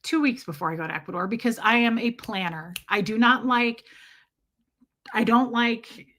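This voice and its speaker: A woman with a bright, forceful voice rants casually to her livestream audience. Her pitch sits a little on the high side, and she talks quickly with lots of restarts and filler "like"s. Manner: fast, chatty, full of restarts and "like". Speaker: livestream host. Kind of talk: casual ranting storytelling.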